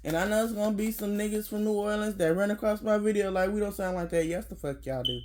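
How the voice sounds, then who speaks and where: A vlogger in a casual rant to camera, blunt and profane, often laughing, dropping to low mutters then bursting out loud. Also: fast talker, a little hiss or hum.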